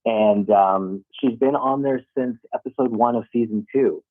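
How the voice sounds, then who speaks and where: A man's voice: mid-range voice, measured pace, no room sound. A man calling into a radio interview as a guest, an animation creator who talks enthusiastically and rambles, laughing often. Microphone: phone call. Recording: tinny phone line.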